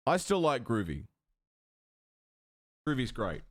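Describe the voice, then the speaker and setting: A man's voice: medium pitch, very animated, slow pace. A man from Australia with an Australian accent, a live streamer chatting casually with his viewers in a joking, sweary way.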